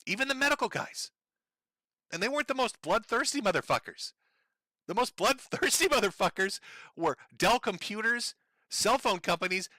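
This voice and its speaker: A middle-aged man delivers angry, profane, sarcastic livestream commentary, mocking as he goes while in pain from broken ribs and on medication. His high voice is bright and forceful, with no room sound.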